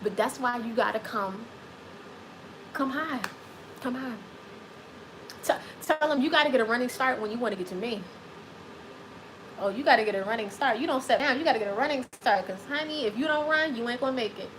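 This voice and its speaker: A woman hosting a live stream, reading chat comments and giving dating advice in a sassy, animated way, with speech. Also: on the high side, fairly quick, pauses often, background noise. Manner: sassy, animated, repeats phrases for emphasis.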